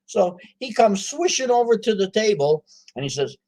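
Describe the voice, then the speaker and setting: A man telling a story in a folksy, animated way, full of asides to his listeners. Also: high voice, normal speed. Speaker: author. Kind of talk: storytelling to a live audience.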